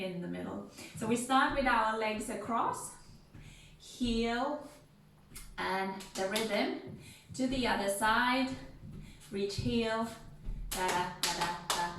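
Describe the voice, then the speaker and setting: A slightly high-voiced woman guides a seated movement class at an unhurried pace, counting out steps and chanting rhythm syllables. Her voice sounds distant from the mic in a very echoey room, with faint music underneath. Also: creaky, a little hiss or hum. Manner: gentle, counts beats and sings rhythm syllables.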